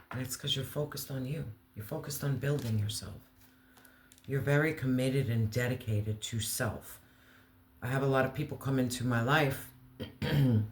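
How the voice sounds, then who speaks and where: A man giving an earnest, emotional tarot reading, slowing down to stress key words. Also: medium pitch, reverberant. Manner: earnest, emotional, slow deliberate emphasis. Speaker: tarot reader.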